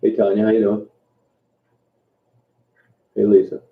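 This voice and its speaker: A livestream host with a low, creaky male voice chats casually with his live viewers. He sounds relaxed but halting, full of fillers and restarts. The audio is tinny and phone-like, recorded in an echoey room.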